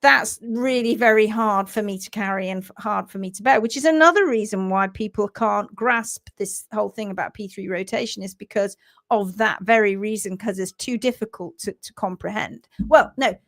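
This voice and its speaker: A woman's voice: mid-range voice, normal speed, fairly bright tone. A woman hosting a live stream, greeting viewers by name and reading their comments aloud in an earnest, sympathetic way. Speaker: live stream host, hoof trimming teacher. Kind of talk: casual live stream chat.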